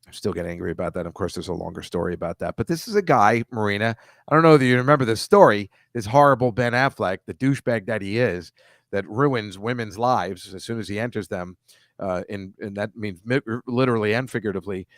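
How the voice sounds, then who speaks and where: A man in casual podcast chat, an animated storyteller who mocks voices and makes quick asides. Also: on the low side, dry recording, studio quality.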